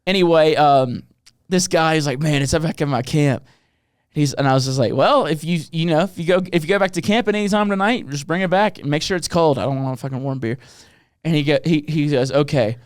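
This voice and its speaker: A man's voice: on the high side, fairly quick, smooth, dry recording. Man, podcast host, rambling swearing storyteller, raised voice, dry close mic. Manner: rambling storyteller, heavy swearing, animated impressions. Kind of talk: casual chat.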